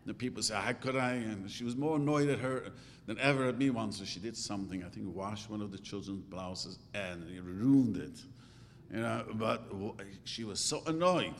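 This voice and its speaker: Middle-aged man, religious teacher, animated and chatty, hall reverb with faint rumble. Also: moderate pace. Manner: animated, conversational, acts out quoted thoughts. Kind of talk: Torah class lecture.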